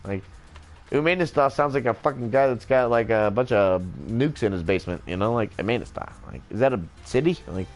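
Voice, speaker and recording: A man's voice: mid-range voice, lively intonation, a little fast, faint music behind. A man in a rambling, joking casual monologue, swearing freely as he goes.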